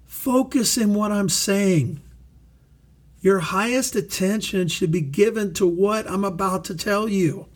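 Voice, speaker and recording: A middle-aged man preaching a sermon as pastor, slow and emphatic, repeating phrases for weight. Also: high-pitched.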